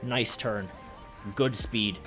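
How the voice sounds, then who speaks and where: A man's voice: lowish voice, very slow, soft background music, voice pushed down. A young man doing a curt, stern driving examiner. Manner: terse, flat.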